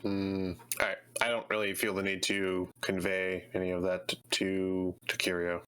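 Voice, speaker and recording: A male tabletop player explaining rules casually. His voice is low-pitched with a bright tone. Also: completely flat delivery, moderate pace, clean tone.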